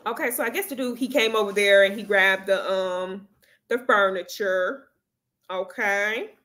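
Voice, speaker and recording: A woman's voice: mid-range voice, bright, forceful tone. Woman reaction host, sassy and doubting, roomy echoey sound. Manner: sassy, skeptical, drawn-out asides. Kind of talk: reaction commentary.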